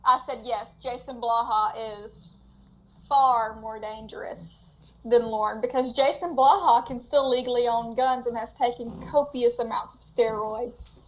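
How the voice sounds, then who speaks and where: Female stream guest, chatty and laughing, high-ish voice on a dull mic with faint noise. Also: steady tone, a little slow, a bit bright. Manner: giggly, chatty, laughing through words. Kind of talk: casual livestream chat.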